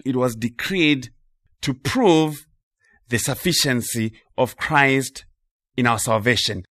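A man preaching a sermon with emphasis, repeating key phrases and slowing on important words. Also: medium pitch, a bit bright, no room sound.

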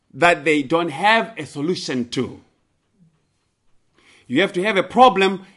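A man's voice: fairly high pitch, fairly bright tone. A man preaching a sermon and reading scripture, repeating phrases with emphasis and rising when he voices pleas.

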